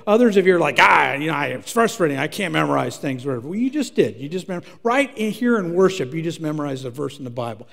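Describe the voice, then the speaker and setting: A man preaching a sermon as pastor, earnest, repeating words and moving from loud emphasis to hushed tones. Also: fairly high pitch, big-room sound. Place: church sanctuary.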